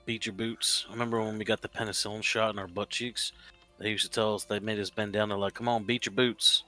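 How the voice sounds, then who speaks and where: A man's voice: lowish voice, flat delivery, quick pace, sharp tone, faint music behind. A man on a live stream telling jokey stories in casual chat, swearing freely and laughing at himself.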